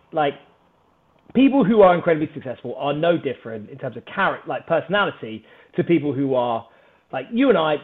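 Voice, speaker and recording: A British man telling a story on a podcast in an energetic, animated way, swearing freely. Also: fairly high pitch, narrow, tinny audio. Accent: British English. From Britain. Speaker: podcast guest, startup founder. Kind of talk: casual storytelling chat.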